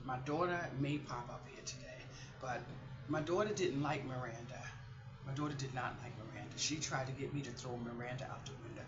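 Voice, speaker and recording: A middle-aged woman chatting casually to her viewers, rambling through stories from her day. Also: deep voice. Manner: chatty, rambling, animated storytelling. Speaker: vlogger. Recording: roomy and slightly muffled.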